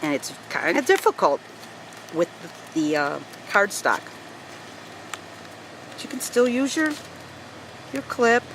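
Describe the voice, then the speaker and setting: Lady walking you thru origami folds at home, lively up-and-down voice, noisy room with dogs around. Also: medium pitch, slow pace, pauses often. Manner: patient step-by-step instruction, chats to her dogs. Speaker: origami teacher. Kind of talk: hands-on craft tutorial.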